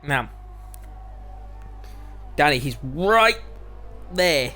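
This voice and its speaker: A man calls a sim racing league live, with a bright, forceful voice pitched a little high. He gets excited and climbs higher during close battles. Faint music plays behind him. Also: drawn-out words. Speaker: lead commentator for an online sim racing league. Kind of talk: live race commentary.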